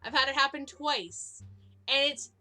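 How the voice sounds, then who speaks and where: A young woman co-hosting a casual video-call hangout, telling animated stories with frequent laughs. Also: sits high, a little slow, faint music behind. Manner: animated storyteller, laughs often. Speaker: co-host.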